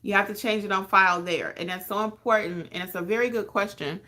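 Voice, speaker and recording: A woman hosting a casual live stream as a notary trainer, reading viewer comments aloud in an animated, encouraging way. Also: mid-range voice, fast talker. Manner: animated, emotional, encouraging, calls viewers honey.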